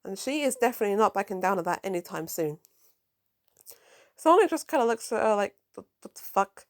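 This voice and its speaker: A woman's voice: mid-range voice, fairly quick. Chatty woman gushing over a comic. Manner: chatty and excitable, swears casually; stumbles and self-corrects while reading. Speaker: comic book reviewer. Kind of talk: casual review, reading comic dialogue aloud.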